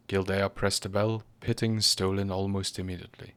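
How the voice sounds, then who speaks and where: A man narrating a storybook reading in a measured, grave manner. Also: deep voice, level tone, fairly bright tone, smooth.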